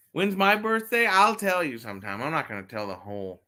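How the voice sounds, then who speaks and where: A man's voice: a little high, expressive, normal speed, sharp tone. A man livestreaming from his phone, chatting to his viewers in a rambling, swearing, casual way about his toy collection. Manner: rambling, profane, talks straight to chat viewers.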